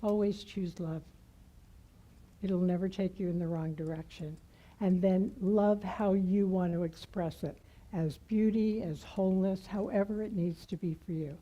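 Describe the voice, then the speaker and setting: Woman guest minister, unhurried heartfelt sermon, very dark mellow tone. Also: lowish voice, fairly even intonation, muffled recording. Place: church sanctuary.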